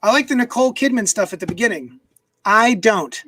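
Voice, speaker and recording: A comics unboxing streamer chats casually from his home desk during a live stream, rambling and reading viewer comments aloud into a desk microphone. His high-pitched voice is bright, forceful, and brisk with lively intonation, though the recording quality is low.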